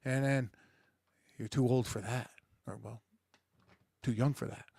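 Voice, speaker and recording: A man's voice: mid-range voice, steady tone, measured pace, creaky, mellow, no room sound, clean studio sound. A middle-aged man hosting a podcast, talking in a crude, sarcastic, rambling monologue. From rural United States. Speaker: podcast host. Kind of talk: casual monologue.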